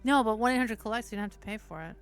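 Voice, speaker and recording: A woman's voice: fairly high pitch, rapid-fire, clean tone, soft background music. A woman hosting a stream who reads a visual novel aloud, with casual, cursing asides between passages. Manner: steady narration broken by casual swearing asides. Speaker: streamer, host.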